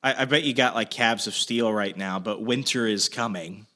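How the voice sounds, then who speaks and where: A young man telling a story in casual chat, animated and swearing, acting out shouted quotes. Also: lowish voice, moderate pace. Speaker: podcast co-host telling a story.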